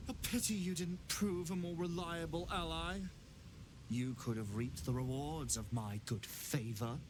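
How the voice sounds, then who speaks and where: A man's voice: fairly high pitch, fairly even intonation, unhurried, over music, lightly acted, low-quality recording. An actor playing a scheming, arrogant male wizard who speaks in a silky, theatrical, condescending way. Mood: menacing. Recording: game audio with noise.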